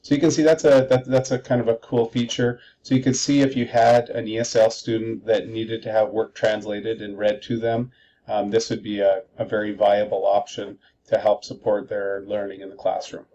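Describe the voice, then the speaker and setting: A man's voice: lowish voice, level tone, moderate pace, warm tone, muffled recording. A male teacher giving a screencast tutorial, explaining methodically step by step.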